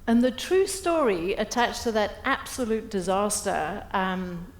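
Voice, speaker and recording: A middle-aged woman with a mid-range voice speaks at a measured pace during a breakfast keynote. Her storytelling is funny and self-deprecating, lively, with quotes acted out, and the recording has an echoey hall sound.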